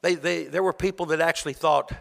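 A man preaching a sermon to a congregation, with a sing-song cadence, rising to shouts and dropping to hushed, quiet lines. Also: fairly high pitch, steady tone, quick pace, gravelly, long reverb tail. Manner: swings from shouted peaks to hushed quiet delivery.

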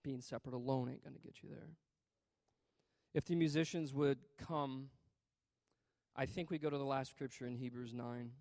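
A man preaching, his voice rising into loud emphatic bursts and then dropping to quiet asides. He reads scripture aloud with pauses to comment. The sound is dry and close, with mid-range pitch. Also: steady tone, no echo. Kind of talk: sermon.

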